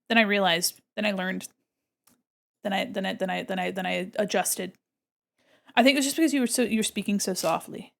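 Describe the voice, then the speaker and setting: An American woman streaming, chatting casually with viewers while drawing, self-deprecating and quick to laugh. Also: medium pitch, gravelly. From United States.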